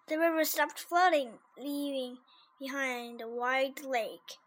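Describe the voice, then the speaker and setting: Slow, high-voiced woman reading a story. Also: steady tone, a bit bright, a little hiss or hum. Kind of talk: reading a children's story aloud.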